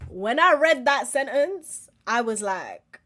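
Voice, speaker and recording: A woman in her twenties hosting a casual solo podcast, telling stories with animated, acted-out reactions and frequent laughs. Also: fairly high pitch, slow pace. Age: 20s. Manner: animated storytelling, acts out reactions, laughs often. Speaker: podcast host.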